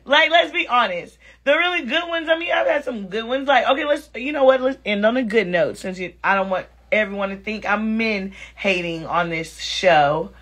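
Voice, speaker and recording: A woman hosts a casual livestream chat, talking frankly and energetically, cursing freely and reading viewers' comments aloud as she responds to them. Her voice is a little high and fairly bright, with lively intonation, a moderate pace and few pauses.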